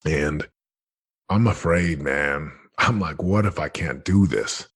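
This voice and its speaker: A man in his thirties telling his story as a podcast guest, earnest and animated, often acting out what he said. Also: very deep voice, slow pace, breathy edge, no echo, studio quality. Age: 30s. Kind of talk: candid storytelling.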